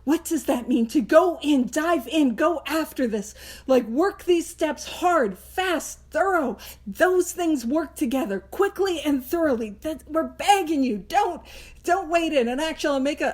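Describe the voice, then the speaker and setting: A woman hosting a recovery book study, explaining the reading in a casual, animated way and acting out little voices and jokes. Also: sits high, a little slow. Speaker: host of a Big Book study. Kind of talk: casual teaching talk.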